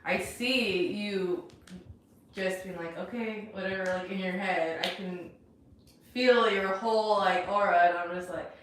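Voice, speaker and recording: Expressive woman, distant and echoey. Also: mid-range voice, a little slow. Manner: expressive, laughs often, swears casually. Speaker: podcast co-host. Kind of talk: casual couple chat. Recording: echoey room, distant mic, faint noise.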